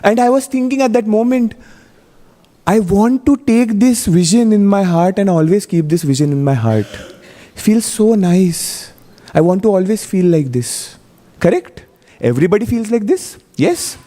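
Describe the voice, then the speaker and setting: Speaking somewhat slowly, a male guest at a temple feast class gives an expressive, dark-toned sermon in a high-sitting voice, weaving stories as he goes. He's conversational, full of "you know," and frequently asks the audience questions. Long reverb from the temple hall fills the recording.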